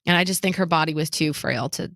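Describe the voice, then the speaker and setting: A podcast co-host with a deep voice talks fast on a casual talk show, telling a personal story. She animatedly acts out other people's lines and laughs nervously, and the studio-quality recording has no echo.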